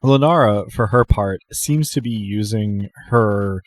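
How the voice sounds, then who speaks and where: A man narrating a tabletop game as game master, relaxed and amused. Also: fairly low pitch, takes it slowly.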